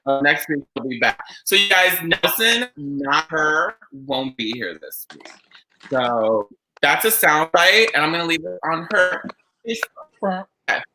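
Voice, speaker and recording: A man hosting a casual chat podcast, telling stories in a rambling, animated way. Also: on the high side, unhurried, slight background noise, poor audio. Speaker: podcast host.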